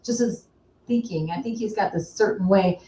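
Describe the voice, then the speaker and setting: A woman's voice: mid-range voice, normal speed, dark tone, slight background noise. A woman co-hosting a casual chat, telling stories in a chatty, laughing way. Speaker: co-host. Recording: roomy, distant mic.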